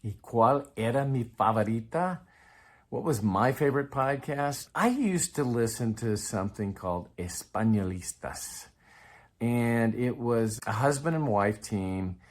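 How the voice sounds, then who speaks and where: A man's voice: mid-range voice, lively intonation, a little slow. A man from Texas, explaining language-learning methods in a casual, conversational way to his viewers. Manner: conversational, with restarts and chuckles. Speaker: Spanish learning coach. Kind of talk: casual explanatory talk to camera.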